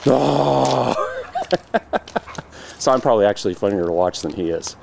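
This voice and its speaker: A dog owner with a lowish voice and vocal fry shoots home video of his pets playing outdoors in the backyard, captured on noisy camcorder audio. Speaking at a normal pace with lively intonation, he playfully eggs them on with teasing shouts.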